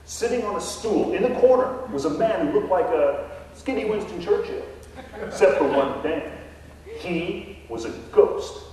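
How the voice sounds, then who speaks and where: A man's voice: high-pitched, expressive, normal speed, dark tone, slight background noise. Man telling a tall tale. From Texas. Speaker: contest speaker. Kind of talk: comic tall-tale storytelling speech. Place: contest stage in a hall. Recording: echoey hall from far off.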